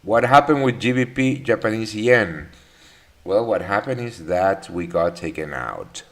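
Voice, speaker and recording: A man's voice: lowish voice, animated, a little slow, fairly bright tone. A man hosting a live trading webinar, chatting casually, greeting viewers by name with many fillers and restarts. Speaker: trading session host.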